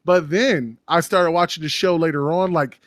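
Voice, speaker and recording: A man's voice: on the high side, fairly even intonation, normal speed, a bit bright, no echo, studio quality. A man in his thirties co-hosting a podcast, telling a story casually, laughing often and acting out other people's lines. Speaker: podcast co-host.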